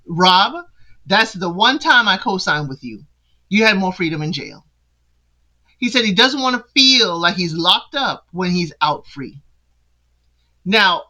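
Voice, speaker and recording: A woman's voice: on the high side, pushed and bright, low-quality recording. A woman hosting a casual recap, sassy and opinionated, talking straight to the people on the show. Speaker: podcast host recapping a reality show.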